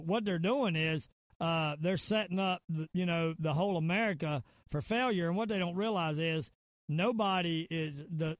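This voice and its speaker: A man's voice: on the high side, no echo. A man with a Southern US accent hosting a podcast, ranting in a rambling, emphatic way full of fillers and restarts. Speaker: podcast host. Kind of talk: casual conspiracy-minded rant.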